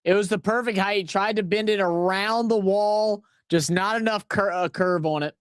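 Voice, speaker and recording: A man's voice: sits high, moderate pace, clean tone, no echo, studio quality. A man with a New Orleans accent, rambling and swearing as he casually talks over a live match and tells stories. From New Orleans, USA. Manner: rambling, profane, excitable. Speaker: watch-along host.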